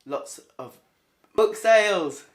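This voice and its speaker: A woman chatting excitedly on a home vlog, giggly and given to squeals of delight. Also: mid-range voice, takes it slowly. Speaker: vlogger. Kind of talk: casual vlog chat. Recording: echoey home room, faint hiss.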